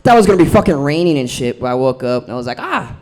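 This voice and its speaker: A man's voice: medium pitch, expressive, very fast, a little mellow. A man in casual comedic banter who rambles, swears heavily and keeps saying "bro". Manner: rambling, heavy swearing, says "bro" a lot.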